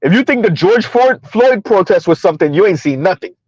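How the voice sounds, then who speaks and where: Man, thirties, slightly high voice, dry muffled mic, rambling livestream talk. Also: animated, fairly quick, a little mellow, breathy edge, no room sound. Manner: rambling, repeats himself, laughs at own jokes. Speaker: livestream commentator. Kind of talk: casual livestream commentary.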